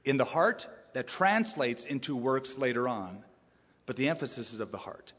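A man preaching a sermon as pastor, emphatic and animated, asking rhetorical questions and stressing his points. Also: medium pitch, moderate pace, big-room sound.

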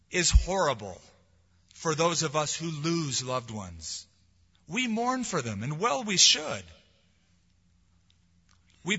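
A man preaching a sermon as pastor, rising to loud emphasis and dropping to quiet lines. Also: fairly high pitch, slightly rough, in a large hall, dull audio. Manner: preaching with swelling emphasis and soft drops.

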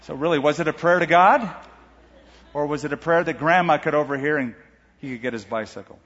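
A middle-aged man preaching a sermon as pastor, animated, asking rhetorical questions and reading scripture aloud. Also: a little high, fairly quick. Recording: lo-fi church recording with long hall reverb.

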